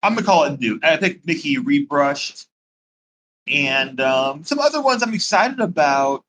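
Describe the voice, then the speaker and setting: A man's voice: fairly high pitch, expressive, measured pace, a bit bright, a little hiss or hum, rough recording. A man co-hosting a casual podcast, hesitant and enthusiastic, often repeating words. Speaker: podcast co-host. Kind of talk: casual chat.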